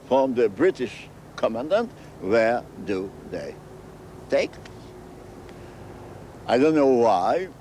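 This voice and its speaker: An older man being interviewed. He recounts his memories in halting, non-native English and often repeats his phrases. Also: mid-range voice, a little mellow, slight background noise. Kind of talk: storytelling interview.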